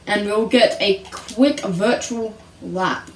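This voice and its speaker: A woman giving playful, excitable mock race commentary on a video game, sometimes singing her calls. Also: medium pitch, slow, echoey room, far from the mic, a little hiss or hum.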